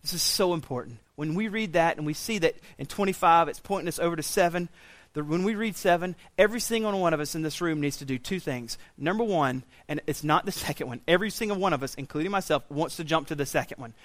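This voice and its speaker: A pastor preaching a sermon in a church, swinging from quiet intensity to loud, raised pleading. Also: male voice, a little high, fast talker, few pauses, dry recording. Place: church sanctuary.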